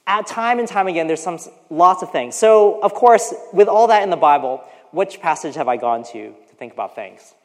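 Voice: medium pitch, sing-song, normal speed, hardly any pauses. A preacher in their forties, giving a conversational sermon full of personal asides. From United States. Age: 40s. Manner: conversational, acts out quoted voices, personal asides. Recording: long hall reverb.

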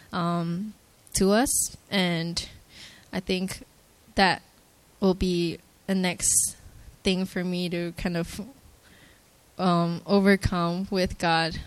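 A woman's voice: on the low side, smooth, no echo. Earnest young woman, hesitant. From Malaysia. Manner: hesitant, full of "like" and "um" fillers; earnest and softly emotional. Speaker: church member giving her testimony. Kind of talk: personal faith testimony.

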